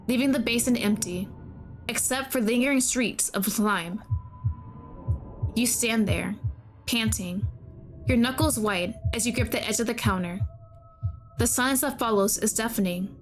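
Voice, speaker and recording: A young woman streamer reading a horror game aloud, breaking in with dramatic, alarmed reactions. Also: on the high side.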